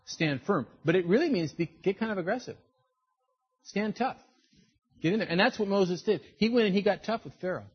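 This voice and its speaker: Husky-voiced man preaching a sermon. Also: animated, fairly quick, soft background music. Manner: conversational, emphatic preaching, drops low and quiet for serious points. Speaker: pastor. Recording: dull lo-fi recording.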